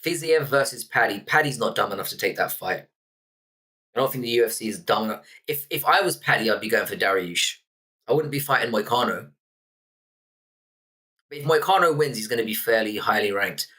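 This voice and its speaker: A man's voice: fairly low pitch, expressive, fairly quick, pushed and bright, husky. A man hosting a casual livestream, chatting bluntly and swearing as he answers viewers. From United Kingdom. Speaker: livestream host. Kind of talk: casual live chat reading comments. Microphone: desk microphone.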